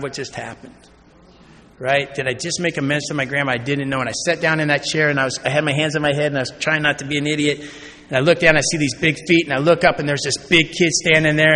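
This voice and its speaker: Speaking in a slightly high, bright and forceful voice, an Oregon man, from the USA, gives his personal recovery talk at a convention. He acts out conversations to tell his story and frequently asks the crowd "right?" In the large convention hall there's long reverb and faint background noise.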